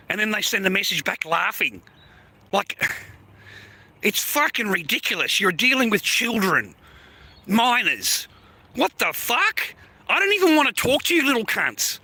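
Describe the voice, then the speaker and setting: A man's voice: high voice, sing-song, a little slow, bright, forceful tone, slightly rough. A man ranting on a live stream, blunt and full of swearing. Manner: angry, heavy swearing, blunt. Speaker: livestreamer. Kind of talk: profane live-stream rant.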